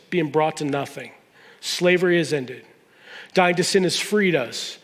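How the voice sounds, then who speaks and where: A male pastor with a fairly high voice delivers a sermon in an easy, talking manner and leans hard on key words. His voice rings out with a long tail of reverb from a large church hall. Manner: conversational preaching with emphatic stresses.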